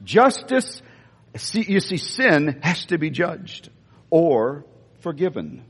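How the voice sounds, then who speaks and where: A man preaching a sermon, stressing and repeating key lines, moving between slow weighty phrases and quick asides. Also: on the high side, wildly swooping pitch, husky. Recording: echoey church hall.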